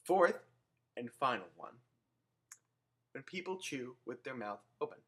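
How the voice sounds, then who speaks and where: A young man ranting sarcastically into his own camera in a comedic vlog, animated and given to swearing. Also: medium pitch, measured pace. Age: young adult. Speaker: vlogger.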